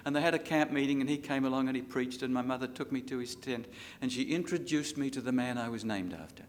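An older man with an Australian accent preaching a sermon, swelling loud for scripture and dropping soft for asides. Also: medium pitch, in a large hall, a little hiss or hum. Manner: dramatic rises and drops in loudness, slows for scripture. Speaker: pastor.

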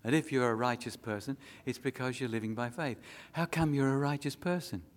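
A man's voice: mid-range voice, fairly quick. A man preaching a sermon, telling an earnest story and making emphatic appeals.

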